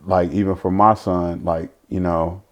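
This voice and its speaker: A man's voice: sits low, level tone, measured pace. A man speaking as a guest in an interview, talking earnestly and reflectively with many fillers and restarts. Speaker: guest, father of an autistic son. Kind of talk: candid conversational interview.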